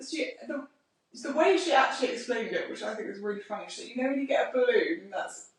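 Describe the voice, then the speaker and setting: A woman, co-hosting a casual podcast chat as a mother, telling stories in an expressive, ranting way. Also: fairly high pitch, quick pace. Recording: echoey room, mic far off.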